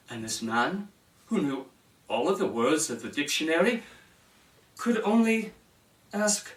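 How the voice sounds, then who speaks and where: A man tells a fairy tale to children at an unhurried pace, and his pitch leaps and dips as he plays up each moment. He calls out to his listeners now and then. He is heard from a distance in a roomy space. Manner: animated, shifting into character voices and addressing the audience. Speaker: storyteller. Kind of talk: storytelling for children.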